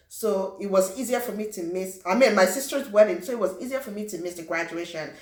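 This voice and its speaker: A young woman from Africa telling a personal story in a lively way, acting out what people said and adding sound effects. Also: mid-range voice, a little fast. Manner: animated, acts out quotes and sound effects. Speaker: vlogger. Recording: roomy echo.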